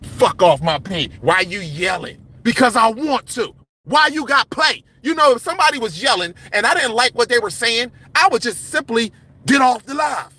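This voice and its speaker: Man, livestream host, impassioned rant, yelling, preachy, bright tense voice. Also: very high-pitched, lively intonation, normal speed.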